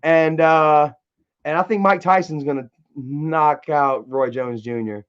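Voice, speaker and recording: A man with a high voice rambles through profane stories on a live stream, laughing at his own tales. The sound is dull and lo-fi. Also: slow pace, clean tone. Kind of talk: casual storytelling to chat.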